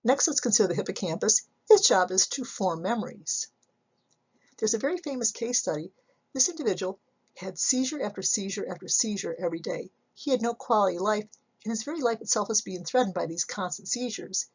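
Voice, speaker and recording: A woman psychology instructor giving a recorded slide lecture, measured and explanatory, often asking rhetorical questions. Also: mid-range voice, animated, slightly rough, muffled recording.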